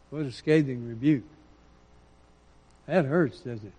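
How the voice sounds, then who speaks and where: A man preaching a sermon, quoting scripture with rising emphasis and dropping into quiet asides. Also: on the high side, unhurried, long pauses, big-room sound.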